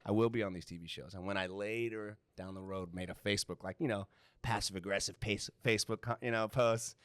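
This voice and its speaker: Animated storytelling man, dry close sound. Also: fairly low pitch, fairly quick, no echo. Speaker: guest actor and radio personality. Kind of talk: storytelling to a live student audience.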